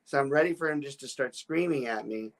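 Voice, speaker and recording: A real estate broker hosting a podcast speaks in a mid-range voice, a bit quickly. His story meanders, with many restarts and stammered repeats, punctuated by frequent laughs.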